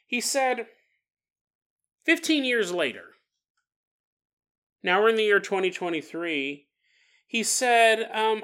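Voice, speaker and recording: A man telling a paranormal story on his podcast, his voice swinging freely up and down in pitch. The tone is bright and forward, and he breaks into laughter mid-sentence as he talks. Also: animated, takes it slowly, long pauses, smooth. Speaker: podcast host.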